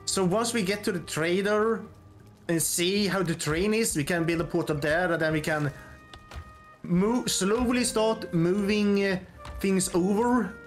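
A man's voice: sits high, measured pace, soft background music. A man chatting with a friend over a co-op game, planning aloud with frequent restarts. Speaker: co-op gaming partner. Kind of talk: casual gaming chat.

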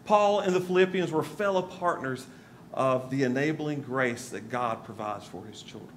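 A man's voice: medium pitch, moderate pace, a little hiss or hum. A male pastor from North Carolina, giving a conversational sermon with asides to the congregation in a church. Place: church sanctuary.

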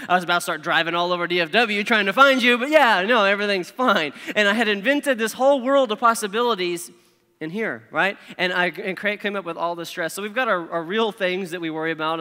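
Lively high-voiced pastor, echoing hall. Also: male voice. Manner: animated, self-deprecating storytelling with acted-out inner voices. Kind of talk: sermon. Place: large church hall. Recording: reverberant hall.

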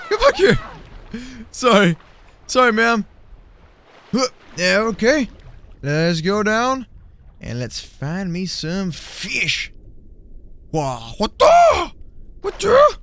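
A man giving excited, chatty commentary over a mobile game, with frequent exclamations and laughs, and faint game music behind him. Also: a little high. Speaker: gaming channel host.

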